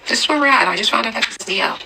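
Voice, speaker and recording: A woman telling a personal story in casual second person, chatty and quick. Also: on the high side, expressive, creaky, bright, forceful tone, a little hiss or hum, low-quality recording.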